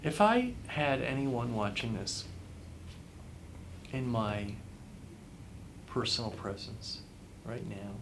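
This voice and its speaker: A man's voice: mid-range voice, animated, takes it slowly, long pauses, noisy background. A man being interviewed as a guest author, giving advice in an emphatic way and repeating phrases for effect. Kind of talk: interview answers, motivational advice.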